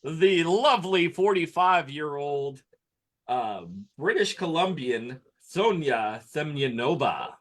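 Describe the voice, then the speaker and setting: A man's voice: a little high, lively intonation, slow pace, fairly bright tone. A man co-hosting a comedy podcast, telling a story playfully with dramatic emphasis. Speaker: podcast co-host. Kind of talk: casual comedy podcast banter.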